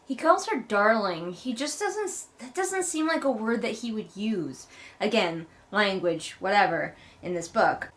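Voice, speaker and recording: A woman's voice: medium pitch, lively intonation, a little slow. A woman hosting a casual book read-along, recapping chapters in a sarcastic, wry way and swearing casually.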